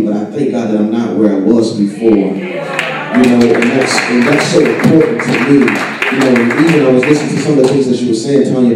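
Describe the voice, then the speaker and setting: A man giving a heartfelt testimony in church. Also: on the low side. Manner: heartfelt, emotionally stirred. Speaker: church speaker. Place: large church hall. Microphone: room mic far from speaker. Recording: echoey church hall from far off.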